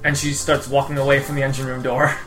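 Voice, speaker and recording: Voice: mid-range voice, level tone, fast, loud music behind the voice. A game master narrating a tabletop game in a casual, filler-heavy way.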